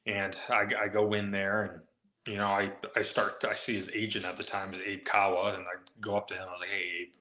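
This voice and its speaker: A guest MMA reporter on a live sports show excitedly races through a long anecdote, acting out what the people in it said. His voice is lowish, and the audio is poor and reverberant.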